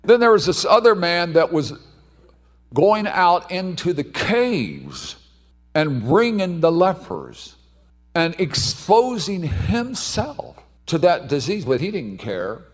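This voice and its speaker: A man preaching a sermon, telling a story with animated delivery and sudden shouted outbursts. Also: high-pitched, slow. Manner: animated, acts out voices, bursts into shouts.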